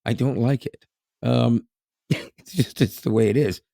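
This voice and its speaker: A man's voice: mid-range voice, unhurried, creaky, dark tone, no echo, clean studio sound. A man, co-hosting a podcast in casual chat, laughing often and repeating words. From Canada. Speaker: podcast co-host.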